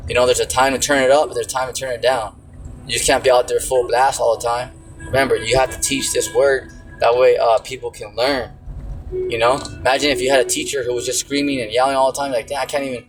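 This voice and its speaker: A man's voice: medium pitch, poor audio. A man preaching in a casual, slangy way, often saying "you know" and "see". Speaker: religious teacher. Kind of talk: informal preaching.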